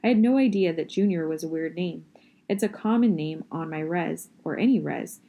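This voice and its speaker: A woman reading a novel aloud in a steady first-person storytelling voice. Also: sits low, normal speed, gravelly, dull audio. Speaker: reader.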